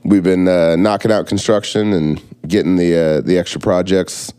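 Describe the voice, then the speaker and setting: A male guest talks through his week in a relaxed, matter-of-fact way. His voice is low and mellow, with a smooth, clear sound. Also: normal speed. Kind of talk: casual chat.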